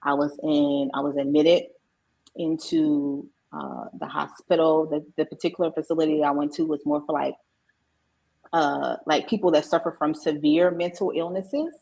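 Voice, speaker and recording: A woman's voice: low-pitched, steady tone, moderate pace, vocal fry, darkish tone, breathy edge, rough recording. A middle-aged woman, a podcast guest, candidly telling a personal story and acting out the voices of people she quotes. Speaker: podcast guest, mindset coach.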